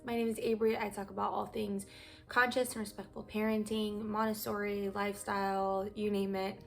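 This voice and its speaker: A woman's voice: mid-range voice, flat delivery, a little fast, creaky, soft background music. A young woman talking casually to camera as a parenting vlogger, noticeably out of breath, chatty and rambling with fillers. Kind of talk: casual vlog talk to camera.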